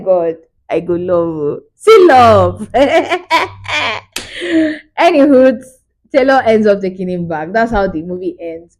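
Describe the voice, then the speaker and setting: A woman, chatting through a casual movie review vlog in an animated, storytelling way. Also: fairly low pitch.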